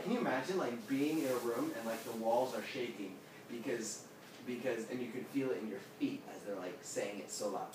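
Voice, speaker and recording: A man's voice: mid-range voice, slight background noise. A man teaching a small group from the Bible. He talks casually and questions his listeners, and he acts out quotes with big changes in his voice. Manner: animated, asks the room questions, acts out quotes. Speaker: pastor. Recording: echoey room, mic at a distance.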